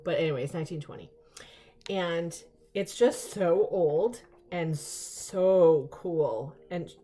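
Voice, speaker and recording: Chatty, excitable older woman vlogger. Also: sits low. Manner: chatty, excitable, rambling asides. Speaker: vlog host. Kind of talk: casual unboxing chat.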